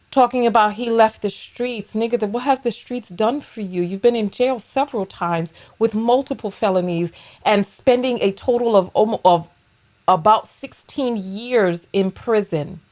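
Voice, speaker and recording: A woman with a fairly high voice hosts a casual reaction video from home. Her commentary is blunt and mocking, laced with profanity. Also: measured pace. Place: home, taking down braids.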